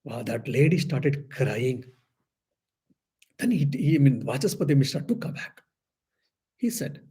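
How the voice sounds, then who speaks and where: A man who is a monk teaches scripture in a spiritual lecture, telling a story in an unhurried way and repeating phrases. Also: medium pitch, sing-song, mellow, breathy edge.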